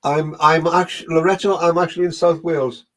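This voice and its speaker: A man's voice: on the high side, fairly even intonation, brisk. Chatty Geordie man greeting viewers. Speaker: medium. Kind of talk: live online reading session.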